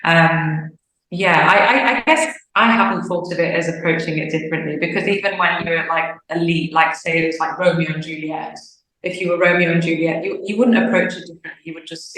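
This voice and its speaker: Here the young opera singer sounds briskly paced, her voice on the low side. She chats animatedly in an interview, slipping into quoted bits of dialogue, and the recording has an echoey room sound.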